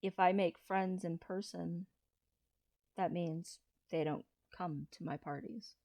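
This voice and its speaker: A trans man in his thirties, talking through a personal confessional vlog in a low-key, hesitant way with frequent restarts. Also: steady tone, slow pace, creaky, a little mellow, no echo. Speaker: vlogger.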